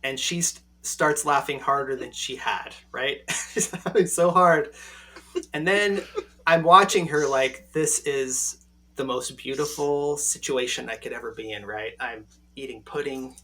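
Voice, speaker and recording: Guy in his 40s, bright punchy voice, storytelling on a podcast, keeps saying right?. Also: mid-range voice, a little slow, slight background noise. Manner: animated, peppers with "right?". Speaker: podcast guest.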